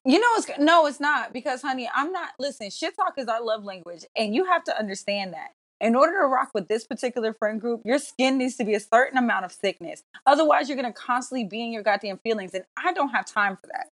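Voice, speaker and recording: A woman co-hosting a casual podcast, brash and profane, talking in an animated, teasing way. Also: a little high, fast, hardly any pauses. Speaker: podcast co-host.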